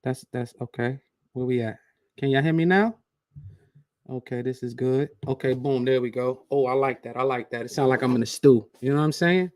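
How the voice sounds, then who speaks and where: A man's voice: mid-range voice, normal speed, darkish tone, no echo, studio quality. Slangy man hosting a reaction stream. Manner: slangy, talks straight to chat. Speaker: channel host. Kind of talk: casual live reaction stream.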